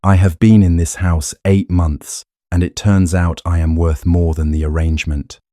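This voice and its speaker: A proud young countess of twenty-nine, voiced by a man reading the story, laying out her terms in a firm, measured way. The voice sits low and mellow. The recording is close and dry. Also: flat delivery, no echo, lightly acted. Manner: firm, measured, plain-spoken. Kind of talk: audiobook character reading.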